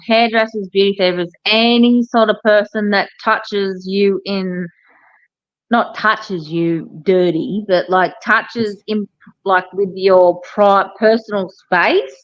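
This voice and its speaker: Aussie hairdresser lady, slow and drawn out, swears a lot, dull dry sound. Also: medium pitch, no echo. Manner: swearing, animated storytelling. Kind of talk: casual chat.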